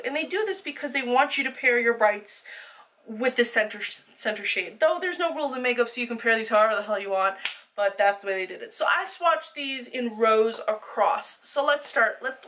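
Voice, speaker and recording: A woman's voice: fairly high pitch, a bit bright, distant mic, poor audio. A woman giving a chatty, detailed makeup haul review, with fillers as she goes. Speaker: beauty vlogger.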